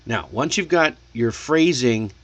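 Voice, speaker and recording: A man teaching spoken English online, coaching in a deliberate way and showing rising and falling intonation. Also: medium pitch, expressive, no room sound. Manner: coaching, deliberate, checks in with "okay?".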